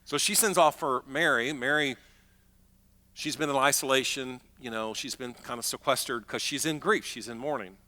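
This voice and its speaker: A man preaching a sermon as pastor, emphatic, swinging between loud declarations and hushed, slow moments. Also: medium pitch.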